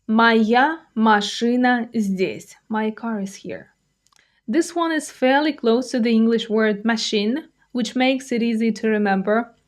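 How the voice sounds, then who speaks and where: A Russian-accented woman, a native speaker, teaches beginners in an unhurried, patient way. Her voice sits a little high, and she repeats each word slowly and clearly. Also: a little mellow. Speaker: language teacher. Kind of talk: slow, clear vocabulary lesson.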